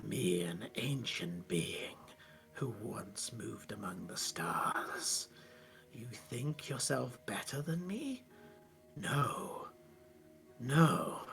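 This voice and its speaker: A man voicing an ancient, cruel tentacled sea monster in a hoarse, breathy whisper, slow and taunting. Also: mid-range voice, sharp tone, voice pushed down, heavily acted.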